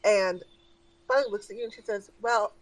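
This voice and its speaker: A woman's voice: mid-range voice, huge pitch swings, fairly quick, creaky, no room sound, distant mic, rough recording. A woman narrating a tabletop game as game master, in a casual, hesitant way with many fillers.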